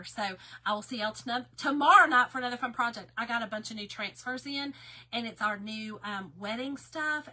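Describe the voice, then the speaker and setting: A woman's voice: fairly high pitch, sharp tone. Bubbly Southern woman hosting a craft stream. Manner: chatty and bubbly, reads viewer comments aloud, says y'all and girl. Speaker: craft host. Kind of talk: live craft tutorial, chatting with viewers.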